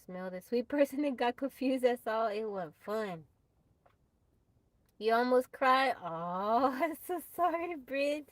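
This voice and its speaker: A woman's voice: on the high side, lively intonation, measured pace, dry recording, low-quality recording. A woman chatting casually on a live stream, laughing often and talking straight to her viewers. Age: adult, mother of a child. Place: tiny house off the grid.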